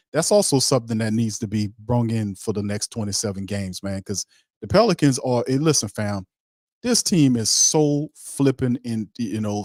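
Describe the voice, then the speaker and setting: A man's voice: medium pitch, darkish tone, no echo, clean studio sound. A man hosting a casual sports talk show, talking in a loose, emphatic, slangy way with many restarts. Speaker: podcast host.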